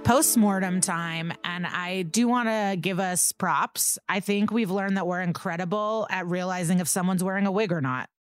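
A woman's voice: on the low side, normal speed, few pauses, no room sound, faint music behind. A woman co-hosting a podcast, chatting in an outspoken way and swearing casually. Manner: outspoken, swears, laughs easily. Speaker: podcast co-host. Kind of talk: casual chat.

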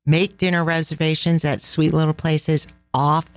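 Middle-aged woman, podcast host, bright enthusiasm, slightly low pitch, dry close mic. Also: little pitch movement, moderate pace, dry recording. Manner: enthusiastic, laughs often, sprinkles in Italian phrases. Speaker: podcast host and travel planner. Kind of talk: casual travel podcast chat.

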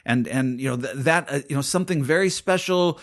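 A man's voice: mid-range voice, a little fast. Conversational male pastor preaching. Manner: conversational, thinking aloud with frequent restarts. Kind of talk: sermon.

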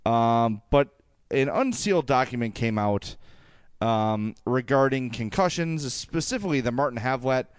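A man co-hosting a sports podcast, chatting casually and ranting with animated jokey asides. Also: mid-range voice, moderate pace, clear, resonant tone, no echo. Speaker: podcast co-host.

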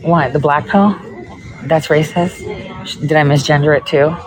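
A woman's voice: low voice, fairly even intonation, measured pace, crowd noise, rough recording. Sarcastic, profane woman ranting. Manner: sarcastic, profane, mocking asides. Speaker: political podcaster and candidate. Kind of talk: casual ranting monologue.

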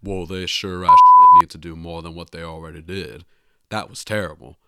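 A man's voice: deep voice, huge pitch swings, moderate pace, very noisy. A man doing Benoit Blanc, southern drawl. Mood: indignant. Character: drawling southern gentleman detective, a grown man, sly and indignant.

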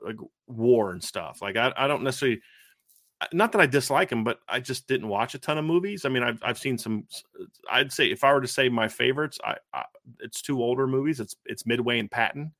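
A man's voice: mid-range voice, expressive, a little fast, fairly bright tone, no echo, clean studio sound. A man in his thirties co-hosting a casual football podcast, talking emphatically and repeating his points. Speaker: co-host of a college football show.

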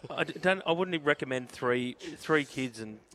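A man's voice: medium pitch, animated, moderate pace, sharp tone, slight background noise. An Australian man co-hosting a radio show who tells anecdotes and laughs through them. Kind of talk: casual banter.

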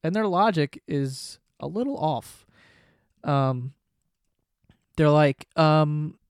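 A man's voice: on the high side, lively intonation, slow, pauses often, clear, resonant tone, no room sound, studio quality. A young man hosting a casual solo podcast, rambling and swearing, laughing at himself as he talks. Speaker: podcast host.

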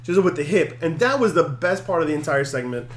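A man hosting a podcast, recapping events in a casual, animated and jokey way. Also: on the high side, quick pace, a little hiss or hum. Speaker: podcast host. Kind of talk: casual wrestling recap chat.

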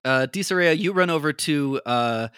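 A man's voice: a little high, normal speed, fairly bright tone, smooth, no room sound, clean studio sound. A man narrating as game master in a tabletop game, loose and playful. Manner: loose and playful, with many ums and laughs.

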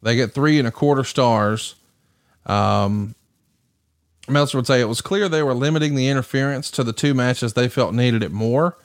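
Man giving a wry match recap. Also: medium pitch. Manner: brisk, rundown of match results with wry asides. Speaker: podcast host. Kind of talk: casual wrestling recap commentary.

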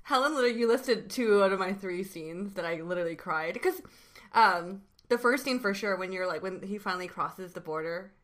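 A woman co-hosting a casual podcast chat, talking excitedly and emphatically. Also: medium pitch, a little fast. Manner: excited, emphatic, says "literally" and "dude". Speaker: podcast co-host.

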